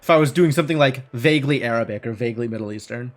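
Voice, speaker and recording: A man's voice: medium pitch, racing, hardly any pauses. A man streaming a game live, chatting aloud, reading lines and second-guessing himself. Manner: chatty, self-doubting, thinks aloud with restarts. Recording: game music in background.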